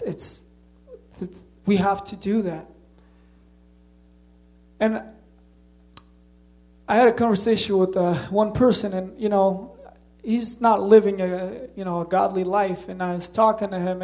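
A man's voice: sits high, dark tone. A man with a slight Slavic accent preaching a sermon in an earnest, conversational way, often restarting his phrases.

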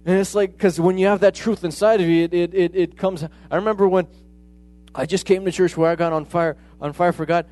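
A man's voice: high voice, fairly even intonation, a little fast, darkish tone. A man preaching a sermon in a conversational way, often retelling conversations as quoted dialogue.

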